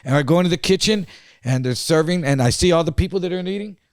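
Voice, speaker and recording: A man's voice: fairly high pitch, quick pace, no room sound, studio quality. Profane man telling a story. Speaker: podcast co-host. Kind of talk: casual storytelling.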